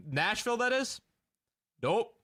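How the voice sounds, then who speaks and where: Young guy ranting, fed up and laughing, bright kinda high voice. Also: sing-song, slow. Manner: exasperated, laughing in disbelief. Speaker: fan reaction streamer. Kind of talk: casual reaction rant.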